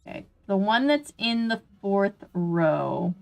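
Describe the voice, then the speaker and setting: A woman's voice: mid-range voice, expressive, slow, gravelly, a little mellow, soft background music. A woman with a Southern US accent chatting casually while streaming a video game, talking back to the game and her viewers in an exasperated way. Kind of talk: casual let's-play commentary.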